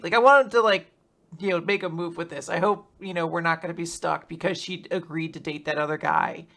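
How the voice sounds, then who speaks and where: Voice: medium pitch, steady tone, a little fast, gravelly, fairly bright tone. A co-host in a casual recap chat, talking in a chatty, hedging way. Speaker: podcast co-host.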